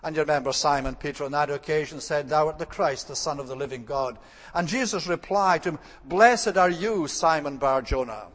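Male preacher, slightly high voice, measured and explanatory with halting pauses, recorded in an echoing church. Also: a bit bright. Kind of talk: sermon.

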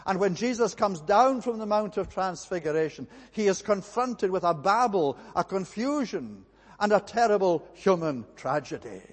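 A man's voice: high-pitched, expressive, normal speed. A man preaching a sermon earnestly, with emphatic repetition. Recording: long hall reverb.

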